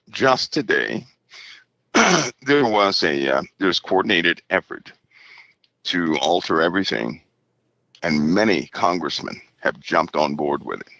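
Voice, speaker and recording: A man guest on a remote call, speaking haltingly and checking in with "right?" as he goes. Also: sits low, vocal fry, bright, forceful tone, no echo, muffled recording. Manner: halting, tags lines with "right?". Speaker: interview guest. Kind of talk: casual interview.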